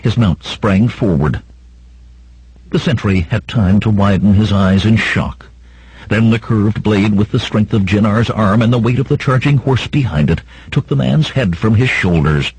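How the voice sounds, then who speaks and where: A man's voice: fairly low pitch, measured pace, darkish tone, husky, no room sound. A man reading a sword-and-sorcery audiobook as dramatic narration, raising his voice for the battle cries. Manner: acts out battle cries in a raised voice.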